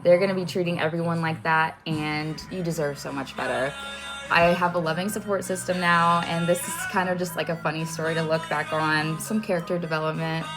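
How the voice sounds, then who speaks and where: A woman's voice: deep voice, fairly even intonation, brisk. A woman casually closing a storytime video with reassuring advice to her viewers. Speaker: storytime creator. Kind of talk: storytime sign-off. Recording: music playing underneath.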